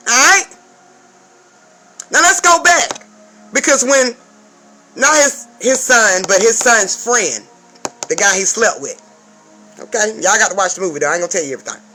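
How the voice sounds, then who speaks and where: A woman's voice: fairly high pitch, animated, moderate pace, pauses often, sharp tone, soft background music, poor audio. A woman speaking as a spiritual advisor in a casual vlog rant. She swears a lot, talks emphatically and keeps checking in with the viewer.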